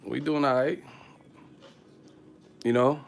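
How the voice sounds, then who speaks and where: A man hosting a boxing livestream who tells stories in a loose, profane, animated way and laughs often. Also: mid-range voice, slow pace, gravelly, slight background noise. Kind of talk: casual livestream rant.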